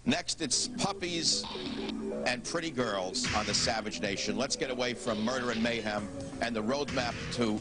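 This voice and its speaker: A male television talk show host with a voice of ordinary, mid-range pitch. He speaks bluntly and emphatically, pushing his points with rhetorical questions. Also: moderate pace, loud music behind the voice.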